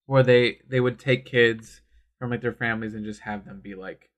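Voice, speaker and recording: Excited young-sounding man gushing casually. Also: mid-range voice. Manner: excited, fast, full of filler words and swearing. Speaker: comic discussion co-host. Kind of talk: casual chat.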